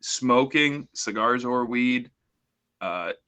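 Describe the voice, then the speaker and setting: A man's voice: mid-range voice, slow pace, bright, forceful tone, clean tone. A man co-hosting a podcast, giving short, blunt remarks and advice in casual chat. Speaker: podcast co-host. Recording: dull lo-fi sound.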